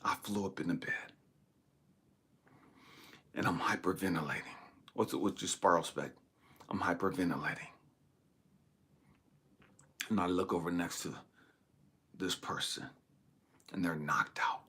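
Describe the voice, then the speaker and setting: A man giving a dramatic personal testimony as a spiritual talk host, swinging from hushed whispers to near-shouts. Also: low voice, measured pace, pauses often, husky.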